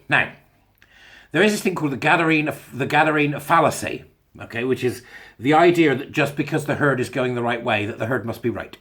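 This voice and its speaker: A man talks straight to his listeners in a voice of ordinary pitch. He is blunt and opinionated and cracks jokes as he goes, laughing at his own lines. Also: lively intonation, brisk, a bit bright. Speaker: podcast host. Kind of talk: casual monologue.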